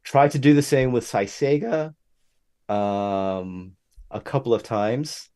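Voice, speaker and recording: A young man talking as a podcast guest in a casual, animated way. He jumps up in pitch whenever he quotes other people. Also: takes it slowly. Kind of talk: casual interview chat.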